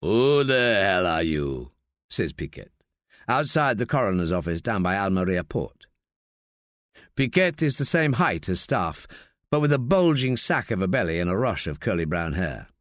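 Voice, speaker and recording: A man with a lowish voice narrates an audiobook in a measured, expressive storytelling manner. The studio-quality recording carries no room sound.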